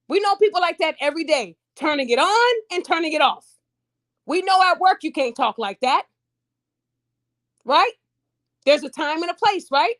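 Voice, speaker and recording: A woman's voice: extremely high pitch, brisk. A woman hosting a podcast, chatting casually and animatedly to her audience. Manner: animated, talks to audience, acts out voices. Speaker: podcast host. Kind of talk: casual commentary.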